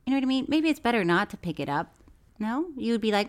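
A woman co-hosts a casual podcast, her slightly high voice swinging up and down as she argues. She sounds exasperated and teasing, pushing back on her friend's theories. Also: very animated, fast, clean tone. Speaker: podcast co-host. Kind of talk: casual chat.

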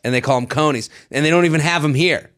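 A man's voice: a little high, fairly bright tone. Playful jokey man podcast co-host. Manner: playful, jokey, quick-talking. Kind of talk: casual chat.

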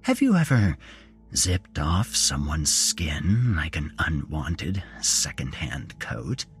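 A man's voice: on the low side, huge pitch swings, slow, vocal fry, husky, soft background music, voice pushed up, heavily acted. A man voicing a cheerful, creepy grown man who swings from jolly chatter to a hissing whisper. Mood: hissing menace. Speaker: storyteller. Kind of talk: horror story narration.

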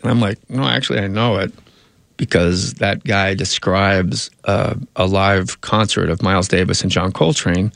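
A man's voice: low-pitched, fairly even intonation, moderate pace, vocal fry, fairly bright tone, dry recording. A man, a comedian and actor, telling rambling anecdotes in a casual interview, often cutting himself off.

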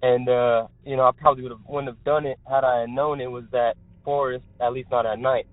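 A young man calling in to tell a spooky story in a rambling, excited way, full of fillers. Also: medium pitch, fairly quick, no room sound. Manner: excited, rambling, heavy use of filler words. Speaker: caller telling a paranormal experience. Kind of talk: casual storytelling. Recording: tinny phone line, dry, faint music.

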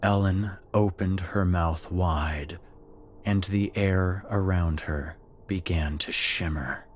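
A man narrating a horror story in a slow, measured, scripted storytelling manner. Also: sits low, fairly even intonation, slight background noise.

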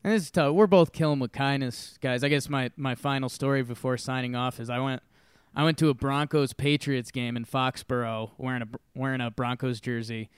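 Smooth-voiced man telling sports stories. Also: medium pitch, brisk, dry recording, clean studio sound. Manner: animated storyteller, swears freely. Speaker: sports podcast co-host. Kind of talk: casual sports chat.

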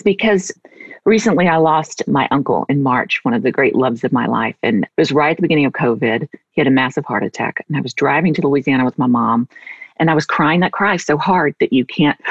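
A woman's voice: low voice, slightly rough, no echo, lo-fi sound. A middle-aged woman author, a guest in an interview, speaking in a heartfelt, reflective and emphatic way. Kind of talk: conversational interview.

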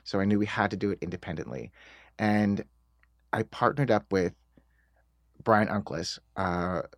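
A middle-aged American man, a screenwriter being interviewed, telling self-deprecating stories in a casual, animated way. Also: fairly low pitch, normal speed, no echo. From United States. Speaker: screenwriter guest.

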